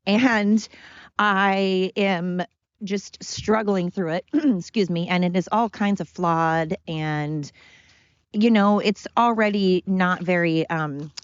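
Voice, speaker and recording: A podcast host with a lowish voice rambles casually and pokes fun at herself while walking uphill outdoors, getting winded. The recording has no room sound and its highs are cut off.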